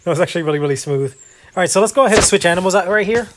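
A man's voice: high voice, expressive, racing, noisy background. A man hosting a casual gameplay video, chatting in a rambling, self-deprecating way with lots of fillers. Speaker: gaming video host.

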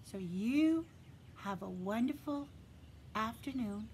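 A woman teacher gently reading a picture book aloud to young children, speaking straight to them and dropping to a soft whisper for quiet parts. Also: fairly high pitch, lively intonation, normal speed, a little hiss or hum. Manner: gentle and encouraging, addresses children directly; stops to point out real sounds around her. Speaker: preschool teacher.

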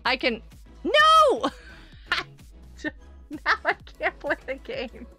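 A woman's voice: sits high, slow pace, pushed and bright, faint music behind. A young woman streaming a game, chatting casually, giggling and sounding out words.

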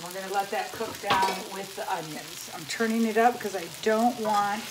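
A woman's voice: medium pitch, fairly even intonation, normal speed. Chatty woman cooking over a sizzling pan. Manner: chatty, talks viewers through each step. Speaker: home cooking channel host. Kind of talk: casual cooking demonstration. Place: home kitchen. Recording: loud sizzling pan noise.

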